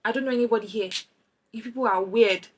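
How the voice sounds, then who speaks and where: A woman's voice: a little high, fast talker, poor audio. Chatty young woman telling a story. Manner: animated storytelling, acts out other people's lines. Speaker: vlogger. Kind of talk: chatty get-ready-with-me story time.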